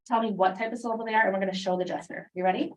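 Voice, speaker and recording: A woman teaching a phonics lesson in a classroom, briskly prompting students with questions and quick praise. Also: mid-range voice, fairly even intonation, a little hiss or hum. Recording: distant classroom mic.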